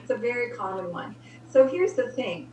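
Woman, relationship advice guest, energetic, roomy echo, distant mic, faint hum. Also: a little high, normal speed. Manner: energetic, acts out example dialogue. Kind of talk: casual conversation.

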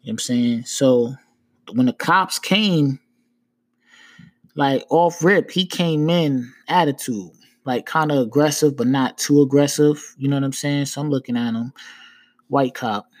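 A man's voice: mid-range voice, measured pace. Man telling a story, casual and profane. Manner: loose, repetitive retelling with frequent "you know what I'm saying"; swears freely. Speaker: podcast host.

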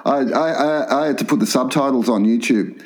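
A man's voice: mid-range voice, fairly quick, slight background noise, rough recording. A man co-hosting a casual chat, telling stories with lots of swearing and laughter. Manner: profane, animated storyteller.

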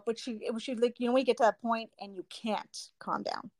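High-voiced woman telling a vivid story. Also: fast talker, few pauses, no echo. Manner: animated storytelling, laughs often. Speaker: testimony guest, mother. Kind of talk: casual testimony retelling.

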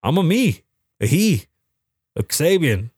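Man, young adult, show host, swears a lot, animated, dry close sound. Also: on the high side, takes it slowly, breathy edge, no echo. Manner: profane, animated storytelling with acted-out quotes. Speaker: podcast host. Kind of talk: casual solo commentary.

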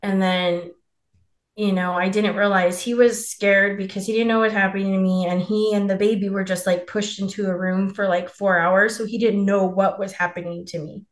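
Woman, casual podcast chat, rambling, many "like" fillers, mid pitch, echoey room. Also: steady tone, normal speed. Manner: rambling, fills with "like", acts out quoted dialogue. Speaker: podcast co-host telling her birth story.

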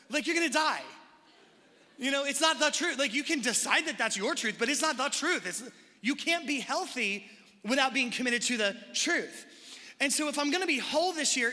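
A man preaching a sermon as a pastor, in a conversational, animated style with casual asides to the congregation. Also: very high voice. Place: large church hall. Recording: live sermon in a reverberant hall.

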